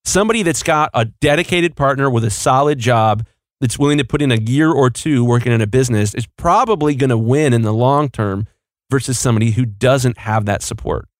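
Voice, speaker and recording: A man's voice: mid-range voice, a little fast, no echo, clean studio sound. A married man hosting a podcast, speaking bluntly and with strong opinions. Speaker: podcast host. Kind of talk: casual podcast chat.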